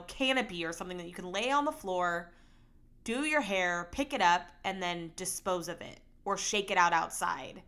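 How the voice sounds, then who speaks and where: A young woman talks through her podcast in a loose, rambling way. Her voice is bright and forceful, and it jumps up in pitch and volume when she stresses a point. She keeps things casual and chatty, as if talking to friends. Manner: chatty, rambling, animated with bursts of emphasis. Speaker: podcast host. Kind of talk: casual solo podcast chat.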